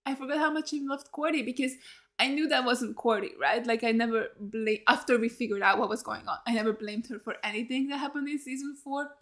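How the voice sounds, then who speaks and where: A woman's voice: on the high side, steady tone, brisk, fairly bright tone. A woman giving a casual, emotional reaction to a TV episode, rambling and cutting herself off mid-thought. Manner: rambling, emotional, self-interrupting. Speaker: TV reaction host.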